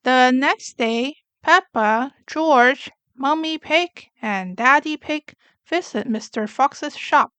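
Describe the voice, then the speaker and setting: A woman reading a children's picture book aloud with slow, clear, gentle narration. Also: high-pitched, no echo.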